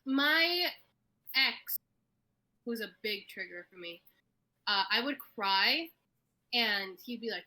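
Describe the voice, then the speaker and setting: A woman's voice: fairly high pitch, expressive, slow pace, pauses often, bright, forceful tone, poor audio. A woman in her twenties co-hosting a podcast, speaking candidly in casual chat. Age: 20s. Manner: candid, laughs easily. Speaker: podcast co-host.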